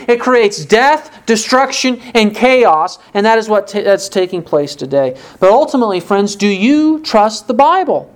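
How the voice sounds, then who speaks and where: A woman preaching an expository sermon, asking her listeners rhetorical questions and pausing for emphasis. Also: medium pitch.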